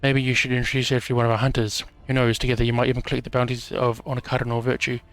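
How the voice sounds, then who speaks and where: A man's voice: mid-range voice, completely flat delivery, racing, fairly bright tone, close to an everyday voice. A man reading out a friendly tavern keeper's lines from a game. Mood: cheerful. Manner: reading game dialogue aloud.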